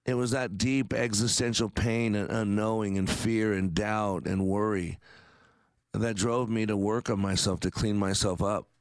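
A man's voice: lowish voice, steady tone, measured pace, clear, resonant tone, no echo. A man in his fifties hosting a faith-based radio talk show, earnest and preachy, with many fillers and restarts. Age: 50s.

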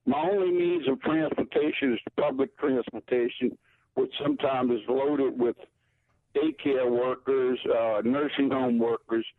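A man in his sixties calling in to a radio show, laying out his situation in a plain, measured way. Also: mid-range voice, expressive, no echo. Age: 60s. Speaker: caller. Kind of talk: call-in radio chat. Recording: tinny phone line.

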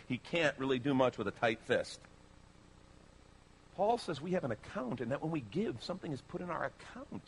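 A man pastor delivering a sermon, speaking emphatically and persuasively to his congregation. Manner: animated, emphatic preaching with sweeping pitch.

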